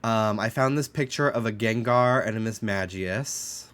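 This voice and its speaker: A man's voice: fairly low pitch, normal speed. Chatty man streaming a game. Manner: chatty, relaxed, swears casually. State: stuffed up nose. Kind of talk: casual gameplay commentary, reading game text aloud.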